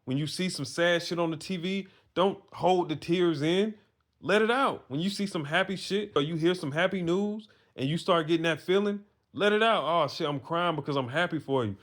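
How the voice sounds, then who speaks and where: A man's voice: high voice, moderate pace. Earnest man preaching to other men. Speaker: vlogger giving advice to men. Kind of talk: casual storytelling monologue.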